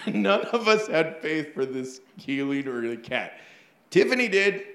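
A male pastor preaches with a slightly raised pitch, telling his stories with laughter and quick acted-out voices. His voice rings through a roomy, echoing church hall. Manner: animated storytelling with laughs and acted-out asides. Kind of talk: sermon.

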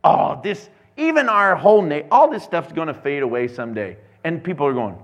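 A man preaching a casual, conversational sermon as pastor, acting out little scenes with quick voices. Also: a little high, sing-song.

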